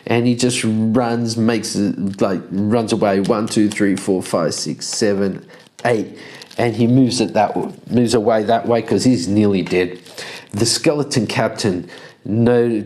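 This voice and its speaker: A man narrates a solo tabletop game in a relaxed, rambling way, counting out moves aloud. He speaks slowly in a mid-pitched voice.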